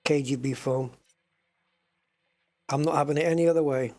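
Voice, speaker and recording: A man's voice: on the high side, steady tone, normal speed, a little mellow. A man chatting casually and joking with viewers while live-streaming a space game.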